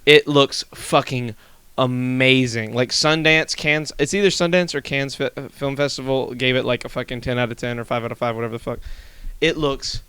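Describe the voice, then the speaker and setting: A young man talking loosely on a podcast, rambling from one thought to the next and swearing freely. His voice is smooth and clear. The sound is dry and close. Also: medium pitch, moderate pace, dry recording. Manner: rambling, animated, swears a lot. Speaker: podcast host. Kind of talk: casual chat.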